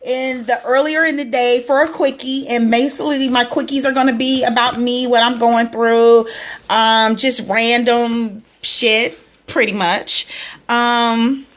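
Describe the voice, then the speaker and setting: A woman's voice: a little high, fairly even intonation, a little slow. A woman coaching on weight loss, chatting casually on a live stream from her phone and greeting her viewers by name with sing-song hellos.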